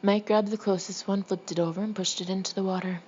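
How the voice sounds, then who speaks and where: A woman reads her own funny memoir aloud, often breaking into laughter along the way. Her medium-pitched voice is a little mellow, quick, and fairly even in intonation, recorded in slightly dull lo-fi with faint background hiss.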